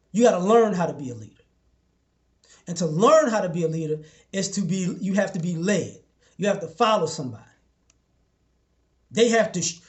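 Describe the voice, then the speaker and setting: A young man giving a casual motivational talk to his followers, preaching and repeating himself, often acting out little exchanges in a lower voice. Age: young adult. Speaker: motivational vlogger.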